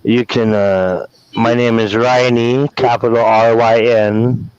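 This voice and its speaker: A man's voice: mid-range voice, steady tone, takes it slowly, crowd noise. A man from Wyoming, rambling and swearing as he vents emotionally in a casual chat. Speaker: guest caller venting. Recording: dull lo-fi sound.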